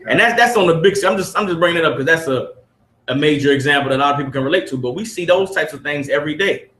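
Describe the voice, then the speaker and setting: Speaking very fast in a slightly high, fairly bright voice, this study group teacher reads aloud and emphatically fires rhetorical questions at the group in front of him. It's a preachy lesson, captured in an echoey room.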